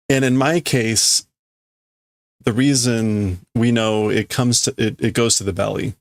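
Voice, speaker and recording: A man hosting a casual livestream, reading Japanese manga lines aloud and translating them haltingly as he thinks out loud. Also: lowish voice, steady tone, no room sound, clean studio sound.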